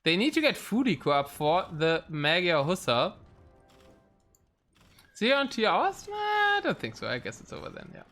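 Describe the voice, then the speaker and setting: A high-pitched man with a bright, sharp voice casts a live esports match. He gets excitable and rambles along with frequent ums between calls. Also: normal speed, faint music behind. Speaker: game caster.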